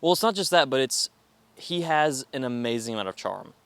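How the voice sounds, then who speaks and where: A young man co-hosting a podcast, chatting casually and telling stories with lively retellings of movie scenes. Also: medium pitch, fairly quick. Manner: animated storyteller, quotes movie lines. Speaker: podcast co-host. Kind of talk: casual chat.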